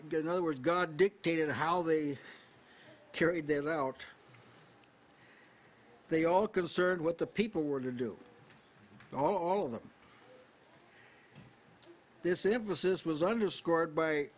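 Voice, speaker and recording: A man preaching an expository sermon at a small house church, measured and repetitive, slowing on key words. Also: on the high side. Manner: measured, repeats phrases, slows on key words.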